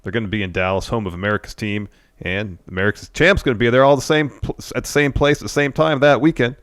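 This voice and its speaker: A man's voice: mid-range voice, fairly even intonation, fast, a bit bright, dry recording, clean studio sound. A man co-hosting a casual podcast, steadily recapping events and reading out quotes. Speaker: co-host.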